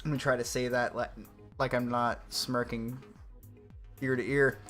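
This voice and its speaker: A man's voice: medium pitch, level tone, measured pace, a bit bright, soft background music. A man hosting a casual livestream, ranting sarcastically and swearing often. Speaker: livestream host.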